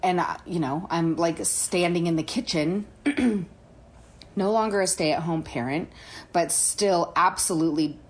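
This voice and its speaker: A woman's voice: on the low side, a little slow. A woman in her thirties co-hosting a podcast, talking candidly in casual chat, swearing and laughing often. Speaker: podcast co-host.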